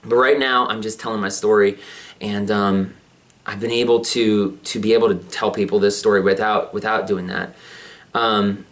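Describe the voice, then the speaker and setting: A man's voice: lowish voice, steady tone, moderate pace, fairly bright tone. A man in his twenties, a vlogger, telling a personal story in a rambling way with many fillers and restarts. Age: 20s. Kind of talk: personal confessional vlog.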